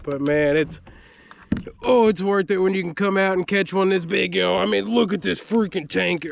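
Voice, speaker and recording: A man, excitedly narrating his own fishing vlog from a kayak on a river at night, often exclaiming and laughing. He is recorded on an action camera. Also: high voice, moderate pace, gravelly, a little hiss or hum. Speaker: fishing vlogger. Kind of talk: excited outdoor vlog commentary.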